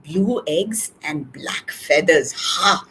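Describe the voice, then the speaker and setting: A woman's voice: fairly high pitch, very animated, unhurried, slight background noise. A woman doing a haughty, snappish house cat. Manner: haughty, snappish, wheedling when asking favors. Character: proud, fussy female house cat.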